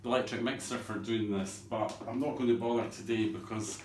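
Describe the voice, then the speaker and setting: A man's voice: fairly low pitch, fairly even intonation, fairly quick, darkish tone, slight background noise. Man, home cooking host, cheeky rambling patter; echoey kitchen with pots and dishes clattering behind. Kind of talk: chatty cooking demonstration.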